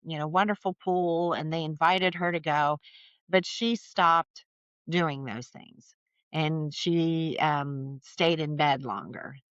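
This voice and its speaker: Chatty, low-voiced middle-aged woman storyteller. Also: slow pace, no room sound, dull audio. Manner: chatty, animated retelling with many fillers. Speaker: podcast guest. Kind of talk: casual storytelling conversation.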